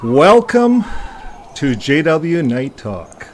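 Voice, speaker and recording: A man's voice: medium pitch, expressive, slight background noise. Chatty middle-aged man hosting a talk show. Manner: rambling, chatty, many filler pauses. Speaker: host of a faith talk show. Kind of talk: casual chat to viewers.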